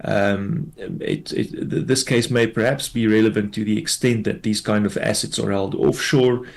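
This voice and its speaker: A man, a tax law expert, explains a court ruling in a measured way, with many fillers, in a radio news interview. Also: lowish voice, fairly even intonation, gravelly.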